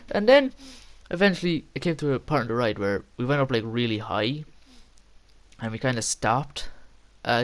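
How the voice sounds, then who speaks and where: A young man telling a casual, rambling story with frequent laughter and casual swearing. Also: mid-range voice. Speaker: vlogger.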